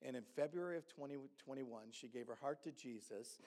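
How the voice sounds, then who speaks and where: A man, a pastor, telling a story in a sermon and acting out the dialogue with lively energy. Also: mid-range voice, a little fast. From Hamilton.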